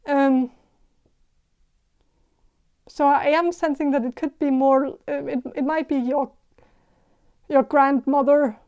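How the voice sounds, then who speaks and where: A woman giving a casual tarot reading, talking in a halting, hesitant way with many fillers and restarts. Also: sits high, fairly even intonation, a little mellow, muffled recording. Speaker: tarot reader.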